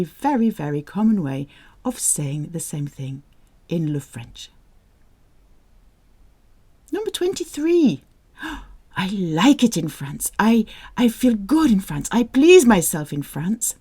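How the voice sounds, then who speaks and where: A woman leads a French audio drill, saying each phrase slowly and more than once. Her pitch rises and falls a lot as she speaks. She cheers the listener on in an encouraging way. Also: sing-song, a little mellow, breathy edge. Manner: slow, repeats phrases, encouraging. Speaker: French teacher.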